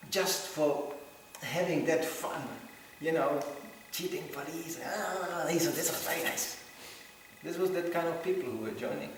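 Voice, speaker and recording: A man's voice: on the high side, unhurried, a little hiss or hum. Man telling stories in an echoey hall. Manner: lively storytelling, acting out quoted voices. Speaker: devotional speaker. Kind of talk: anecdotal religious talk. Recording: very echoey hall, mic far off.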